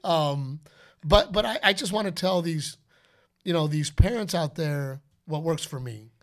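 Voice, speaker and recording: A man's voice: on the high side, unhurried. A man co-hosting a podcast, talking casually and animatedly about being a father, often slipping into playful voices. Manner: animated storyteller, slips into playful announcer shouts. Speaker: podcast co-host.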